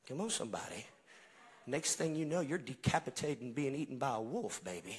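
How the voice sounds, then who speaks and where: A man's voice: mid-range voice, animated, brisk, husky. A male pastor, preaching in a church in a folksy way and calling out to his congregation. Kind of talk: Pentecostal-style preaching to a congregation. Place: church sanctuary.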